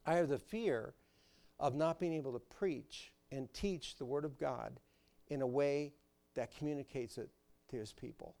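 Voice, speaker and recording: A male pastor giving a sermon, prompting the congregation to fill in words and swinging from loud emphasis to quiet intensity. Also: medium pitch, moderate pace, gravelly.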